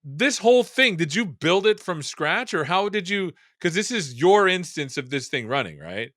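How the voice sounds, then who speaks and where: A man's voice: high-pitched, big pitch swings, normal speed, a bit bright. A man hosting a casual tech show, upbeat and joking, chatting with fillers. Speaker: show host. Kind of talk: casual tech interview chat.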